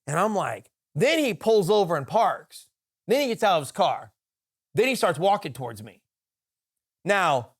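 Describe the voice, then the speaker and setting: Podcast co-host, a man with a high-pitched voice, swears freely and acts out the dialogue as he tells the story. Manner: profane, animated anecdote with quoted dialogue. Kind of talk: casual storytelling.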